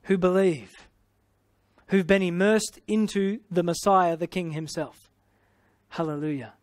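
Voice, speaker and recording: High-voiced Australian preacher, dry sound. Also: male voice, fairly even intonation, measured pace, no echo. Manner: exclamatory, punctuating with hallelujah and amen; playful, paraphrasing scripture in everyday speech. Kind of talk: sermon teaching.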